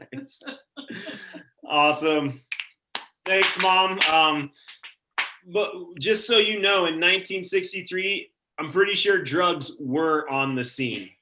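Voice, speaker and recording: A man's voice: high voice, slow pace, pauses often, pushed and bright. A man in his forties hosting a live-streamed story event, upbeat and casual as he reads out audience comments. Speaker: event host.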